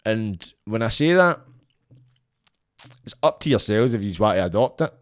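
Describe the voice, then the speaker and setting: A man's voice: on the low side, lively intonation, normal speed. A man from Scotland, a podcast guest giving a blunt, sweary, preachy monologue on self-belief. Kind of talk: rambling motivational monologue.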